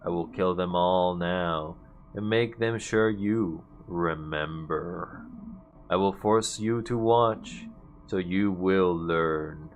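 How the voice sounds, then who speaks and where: A man voicing a cruel male king villain in a game, speaking slowly and low with threats. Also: narrow, tinny audio, soft background music. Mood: menacing. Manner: slow, low, threatening delivery. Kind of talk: video game voice-over reading.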